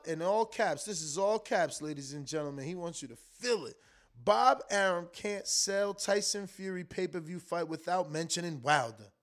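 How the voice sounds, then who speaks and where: A man with a fairly high voice talks boxing on his live stream, reading comments aloud and arguing back. He speaks in a relaxed, offhand way, swearing now and then and tripping over his own words as he thinks aloud. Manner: loose and conversational, swears, repeats words, argues with the chat. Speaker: live stream host reading super chats.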